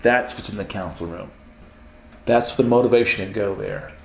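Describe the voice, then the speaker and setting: A man's voice: lowish voice, normal speed, echoey room, slight background noise. A man preaching an informal sermon, acting out quoted voices and laughing often as he teaches.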